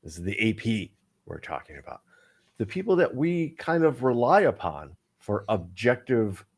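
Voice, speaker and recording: A man's voice: fairly low pitch, very animated, moderate pace, creaky, breathy edge. A man co-hosting a casual podcast chat, digressive and profane, often laughing. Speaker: co-host.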